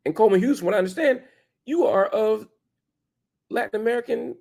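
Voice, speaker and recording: This host speaks briskly with vocal fry and a slightly mellow sound. On his opinion commentary show he argues hard, tossing out rhetorical questions and slang while his pitch jumps on key words.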